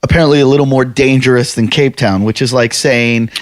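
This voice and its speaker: A podcast host telling a profane story in casual chat, acting out other people's angry shouting. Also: male voice, mid-range voice, steady tone, brisk.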